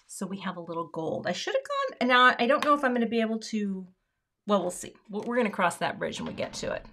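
A woman's voice: medium pitch, very animated, brisk, fairly bright tone, a little hiss or hum. Chatty woman hosting a craft livestream. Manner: chatty, thinks aloud, drops to murmurs while working. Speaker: card-making livestream host. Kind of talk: casual livestream craft demo chat.

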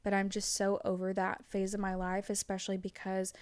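A woman's voice: medium pitch, completely flat delivery, a little mellow, smooth, dry recording. A young woman talking frankly as a guest in a casual chat, her speech full of "like" fillers. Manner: frank, fast-flowing, heavy use of "like".

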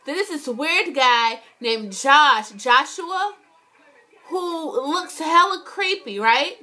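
A young woman vlogging a casual, animated TV recap, swearing a lot and often asking "right?". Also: high voice, slow.

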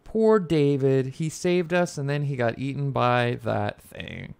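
A man's voice: medium pitch, unhurried, vocal fry, clear, resonant tone. A man with a Texas accent doing casual, joking commentary while he livestreams a video game. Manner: joking, excitable, swears when frustrated. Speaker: streamer.

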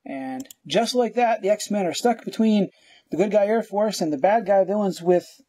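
A man's voice: sits high, normal speed, warm tone, no echo. A man from Canada with a Canadian accent, ranting sarcastically and rambling through a comic book review as podcast host.

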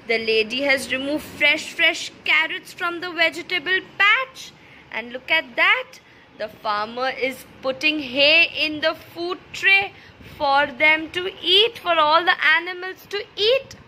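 A woman's voice: high-pitched, bright, forceful tone, slight background noise, poor audio. A woman reading a farm picture book aloud to young children, with a sing-song manner, coaxing questions and animal sounds.

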